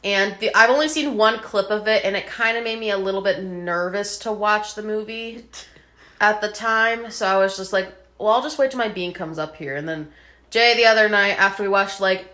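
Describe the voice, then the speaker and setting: A woman's voice: medium pitch, normal speed, bright, forceful tone. A woman co-hosting a casual podcast, chatty and full of fillers, swearing now and then. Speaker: podcast co-host.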